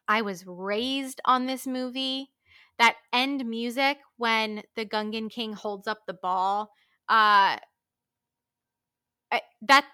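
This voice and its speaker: A woman in her twenties hosting a casual solo podcast, gushing and animated, full of fillers and little laughs. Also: a little high, clean tone, dry recording, studio quality. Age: 20s. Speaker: podcast host.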